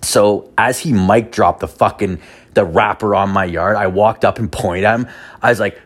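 A man's voice: fairly low pitch, moderate pace. A man in his thirties hosting a solo podcast, telling rambling, self-deprecating stories packed with swearing. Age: 30s. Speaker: podcast host. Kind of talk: casual solo podcast storytelling.

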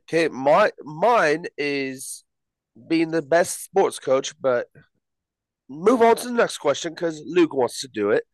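A man's voice: on the high side, lively intonation, slow pace, no echo, poor audio. A young man co-hosting a podcast in playful casual chat, giggling as he talks. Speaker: podcast co-host.

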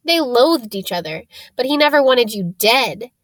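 A woman reading a cold, scheming male wizard teacher in an audiobook, calm and dismissive in manner. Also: a little high, a little slow, no echo.

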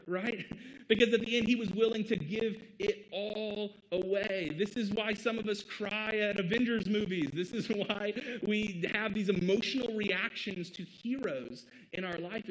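A man from the American Midwest delivers a sermon in a conversational, earnest way. His voice sits a little high for a man. He drives his points home with emphatic rhetorical questions. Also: fairly even intonation, normal speed, poor audio. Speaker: pastor.

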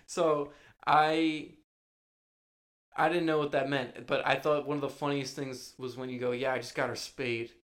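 A man's voice: mid-range voice, little pitch movement, normal speed, a bit bright. A man in a casual chat, teasing his co-host and chuckling as he asks questions.

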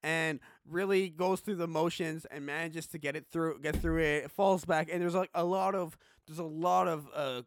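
A man's voice: on the high side, steady tone, moderate pace, few pauses, slight background noise. A man hosting a casual chat, rambling with lots of fillers and restarts, acting out characters in his retelling. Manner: rambling, filler-heavy, acts out characters mid-story.

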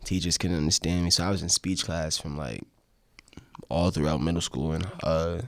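A young man with a very low, deep voice talks as a podcast guest. His delivery is laid-back and jokey, with some proud boasting. The sound is close and dry. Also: fairly even intonation, normal speed, no echo. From United States, Jamaican parents. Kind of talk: casual chat.

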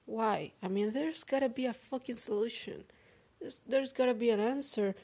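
A woman speaking English as a second language in a personal confessional vlog. She sounds weary and frank, talks haltingly, and swears often. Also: fairly high pitch, mellow. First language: not English. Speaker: vlogger.

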